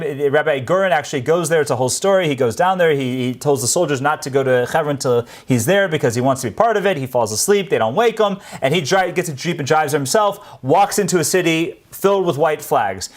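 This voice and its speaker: A man giving an unscripted history talk, telling events as an earnest story and pressing hard on the points he cares about. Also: on the high side. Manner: earnest storytelling, grows emphatic on key points. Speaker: history presenter.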